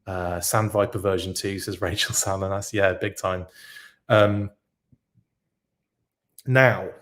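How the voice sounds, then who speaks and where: A man's voice: low-pitched, fairly even intonation, slow pace, a bit bright. Chatty, rambling man hosting a live stream. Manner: rambling, chatty, self-interrupting. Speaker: podcast host reacting live. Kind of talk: live-stream chat, reading comments.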